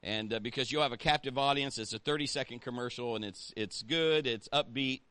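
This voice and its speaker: A man's voice: mid-range voice, brisk, sharp tone, smooth, no echo. A man, a pastor, preaching a sermon in a conversational way and rallying the congregation with call-outs.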